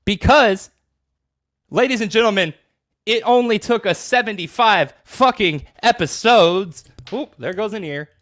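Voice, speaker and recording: A man's voice: sits high, unhurried, a bit bright, no echo. A man co-hosting a podcast, teasing and crude in casual comedic banter. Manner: teasing, crude, laughing often. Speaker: podcast co-host.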